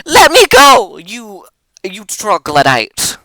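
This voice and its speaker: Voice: very animated, slow pace, pushed and bright, dry recording, exaggerated voice, low-quality recording. A game master voicing a pompous, fussy male goblin official who stammers and bristles with indignation. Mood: indignant. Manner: indignant, stammering, high-strung.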